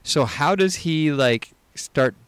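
A man's voice: a little high, animated, slow pace, smooth, no room sound. Joking male podcast co-host. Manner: probing, joking interviewer. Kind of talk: casual chat.

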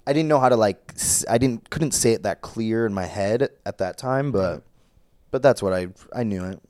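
A man's voice: on the low side, normal speed, a little mellow, no echo. Man from Minnesota, candid podcast guest, rambling and laughing, dry sound. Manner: candid, laughing, loose storytelling with fillers. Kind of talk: casual podcast chat.

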